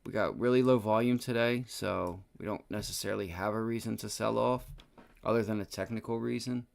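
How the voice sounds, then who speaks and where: A man's voice: lowish voice, fairly even intonation, fairly quick, vocal fry. A man hosting a live day trading stream, thinking aloud over charts and cursing when trades go wrong, with an aching back. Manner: profane, frustrated outbursts. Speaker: day trading livestream host.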